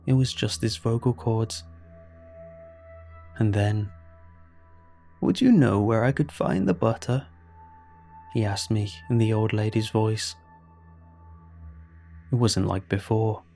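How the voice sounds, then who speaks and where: Slow, low-voiced man narrating horror. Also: darkish tone. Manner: slow, measured, grave delivery. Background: faint background music.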